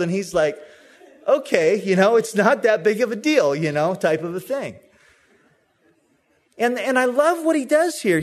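Pastor, male, 30s: high voice, unhurried sermon delivery, light humor, family anecdotes. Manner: humorous, storytelling, reads scripture slowly.

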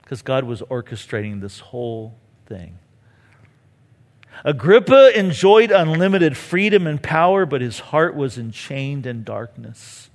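A man's voice: medium pitch, big-room sound. A man preaching a sermon, who keeps acting out the voices of the people he quotes. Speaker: pastor.

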